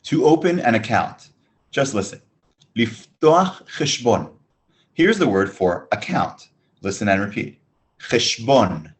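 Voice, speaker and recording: A man leads a beginners' Hebrew lesson over a webinar microphone. His voice sits a little low, and he spaces out each word for listeners to echo back. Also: big pitch swings. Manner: slow, drilled listen-and-repeat prompts. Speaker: Hebrew teacher. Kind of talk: online language lesson.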